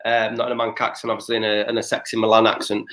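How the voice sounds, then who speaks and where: A man's voice: on the low side, completely flat delivery, racing, a bit bright. A young man, co-hosting a podcast and telling rambling, sweary stories full of restarts. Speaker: podcast co-host. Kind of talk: casual chat.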